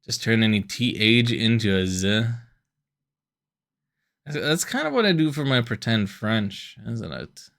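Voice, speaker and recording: A man's voice: fairly low pitch, sing-song, unhurried, gravelly, long pauses, fairly bright tone. A man casually commenting while streaming a video game, with joking, rambling asides.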